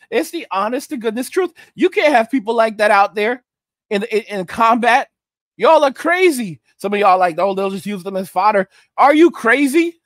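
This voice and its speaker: A man with a strikingly high voice rants through a commentary livestream and reads out viewer chat. He talks emphatically, hammering the same phrases again and again, and the recording sounds close and dry with no room sound. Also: fairly bright tone, no room sound. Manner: emphatic, repeats phrases, keeps asking "all right?"; slips into mocking put-on voices.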